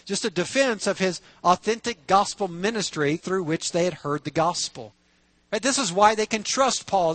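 A man's voice: high-pitched, a bit bright, no room sound. A man as pastor reading scripture, praying and preaching in an earnest, conversational way with rhetorical questions. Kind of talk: sermon.

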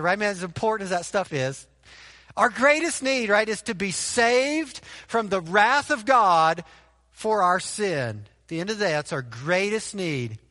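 A man's voice: high-pitched, pushed and bright, in a large hall. A man preaching a sermon, emphatic, repeating key phrases and asking rhetorical questions to the congregation. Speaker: pastor.

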